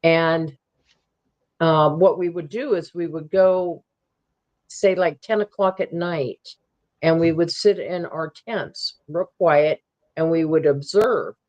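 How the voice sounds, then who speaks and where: A woman guest recounting a personal camping encounter in a halting way, with many ums and restarts. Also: low voice, a little mellow.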